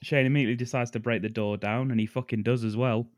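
A man co-hosts a podcast and narrates a film's plot in a relaxed, joking way, peppered with swearing. His pitch is middling. The recording is dry and close-miked. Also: quick pace, no room sound. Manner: laid-back, laughing, sweary recap. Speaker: podcast co-host. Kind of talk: casual chat, recapping a film.

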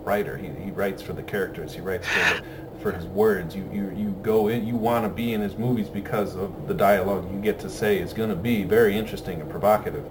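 Low-voiced rambling man, noisy recording. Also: steady tone, quick pace. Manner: rambling, lots of fillers and restarts. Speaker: podcast co-host. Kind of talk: casual chat about films.

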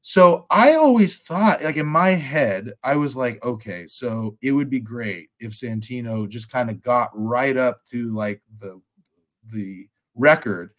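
A man's voice: mid-range voice, measured pace, fairly bright tone. A man hosting a casual interview, talking as an enthusiastic fan with lots of filler words. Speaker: podcast host.

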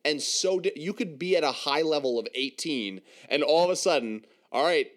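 A man's voice: on the high side, moderate pace. A man hosting a casual podcast chat, talking playfully about tabletop roleplaying. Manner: animated, playful. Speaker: podcast host.

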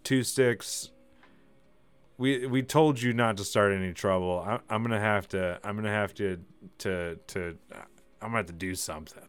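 A man voicing a weary male security guard who scolds in a halting way and repeats himself. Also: fairly low pitch, smooth, soft background music, close to an everyday voice. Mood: exasperated.

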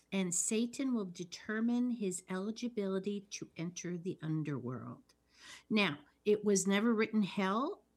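A woman co-hosting a podcast in casual chat, recapping a film in a measured way with dry remarks. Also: mid-range voice, a little mellow. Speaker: podcast co-host.

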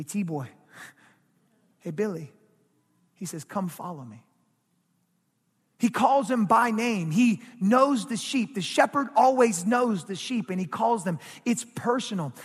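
A man preaching a sermon as pastor, animated and full of asides to the congregation. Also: high voice, husky, big-room sound.

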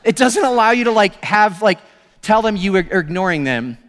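A male pastor giving a sermon, telling the story with animated acted-out dialogue. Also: sits high, moderate pace, long reverb tail.

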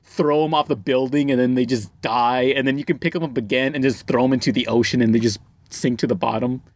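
A man in casual chat with friends, excitable and swearing freely. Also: medium pitch, fast talker. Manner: excitable, swears, laughs often.

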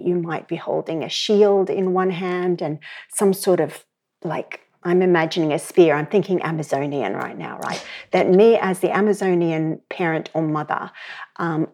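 Husky, low-voiced woman. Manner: lively storyteller who acts out quoted voices. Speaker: parenting educator guest. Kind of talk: conversational podcast interview.

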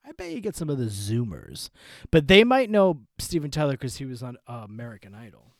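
A man's voice: mid-range voice, huge pitch swings, fairly quick, dry recording, clean studio sound. A man co-hosting a podcast in casual chat, playful and jokey, drifting into bits. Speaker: podcast co-host.

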